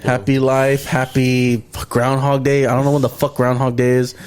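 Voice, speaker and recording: A man's voice: medium pitch, monotone, normal speed, a little mellow, smooth. A young man hosting a casual podcast, joking and swearing, calling everyone bro. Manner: laid-back, joking, swearing, says bro a lot. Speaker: podcast host. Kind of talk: casual chat. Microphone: podcast mic.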